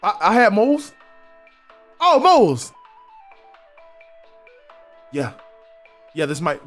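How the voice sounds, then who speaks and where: A man's voice: sits high, takes it slowly, long pauses, faint music behind. A young man from South Carolina, giving joking, casual commentary on a game and talking to his chat. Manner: animated, joking, talks to chat. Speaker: streamer.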